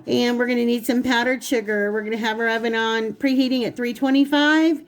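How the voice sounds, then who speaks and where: A woman hosting a casual cooking vlog in her home kitchen, chatty and quick to laugh at herself. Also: a little high, steady tone, faint music behind. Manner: chatty, laughing, self-teasing.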